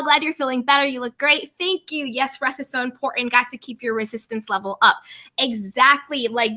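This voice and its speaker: A woman chats casually on her livestream, reading comments and greeting viewers by name. Her voice is high and bright, and it leaps up warmly whenever she says hello to someone. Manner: bubbly, greets viewers by name, reads chat aloud; expressive, pitch jumps up high on greetings. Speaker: livestream host.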